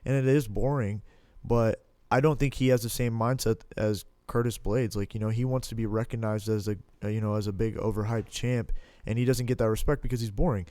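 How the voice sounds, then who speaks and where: A man's voice: on the low side, steady tone, a little fast, mellow, dry recording. A young man chatting casually on a podcast, rambling with lots of restarts and blunt, profane remarks. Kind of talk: casual podcast chat about fighting.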